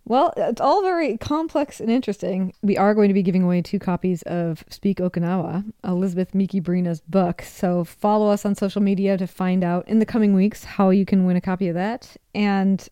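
A woman co-hosting a podcast, explaining things calmly in casual chat. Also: mid-range voice, a little fast, hardly any pauses, smooth, dry recording. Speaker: podcast co-host.

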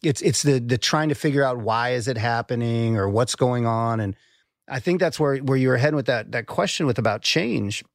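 A man with a gravelly, mid-pitched voice talking candidly as a podcast guest. He is intense and swears freely, often stumbling over repeated words while he works out a thought. The sound is close and dry, with no room echo. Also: moderate pace. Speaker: podcast guest, endurance athlete. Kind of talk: candid conversational interview.

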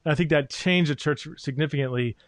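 A man's voice: on the high side, a little fast, dry recording. A man hosting an interview podcast, laying out his thoughts in a reflective way with frequent fillers. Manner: thoughtful, many fillers and restarts. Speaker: podcast host. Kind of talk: interview conversation.

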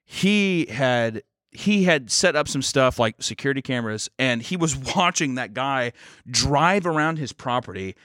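A man's voice: mid-range voice, measured pace, dry recording, clean studio sound. A man co-hosting a podcast, telling a story in a casual, swearing way and acting out other people's voices. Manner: animated, swearing, acts out voices in stories. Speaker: podcast co-host. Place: studio.

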